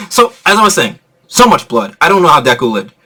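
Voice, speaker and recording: A man giving a casual, excitable movie review rant, laughing often and swearing freely. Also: a little high, brisk.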